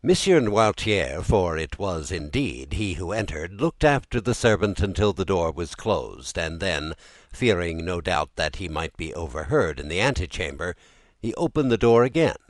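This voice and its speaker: Deep-voiced expressive male narrator. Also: moderate pace, dry recording. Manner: expressive, theatrical reading. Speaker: audiobook narrator. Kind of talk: audiobook narration.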